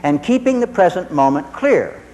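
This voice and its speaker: A man's voice: high-pitched, normal speed, a little hiss or hum, poor audio. A middle-aged man, a therapist, telling a humorous story to an audience and acting out the dialogue. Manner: lively storyteller who acts out dialogue.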